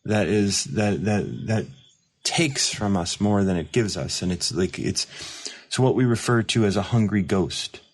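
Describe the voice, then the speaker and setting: A man's voice: lowish voice, a little slow. A man hosting a recovery show, talking in a rambling, reflective way with many fillers and restarts, now and then reading viewer comments aloud. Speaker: recovery mentor and show host. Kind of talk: casual livestream monologue.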